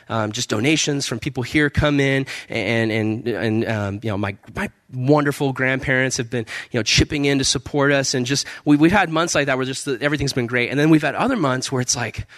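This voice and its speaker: A man's voice: medium pitch, a bit bright, no echo. A young man, a missionary, giving an earnest personal testimony at a church service, casual with many fillers and restarts and frequent laughs. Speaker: missionary speaker.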